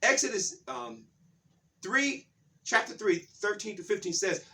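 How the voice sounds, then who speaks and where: A man's voice: high-pitched, big pitch swings, moderate pace, pushed and bright. Fired-up man preaching at a distance. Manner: fired up, preacher-like, repeats phrases. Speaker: spiritual speaker. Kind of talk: spiritual talk.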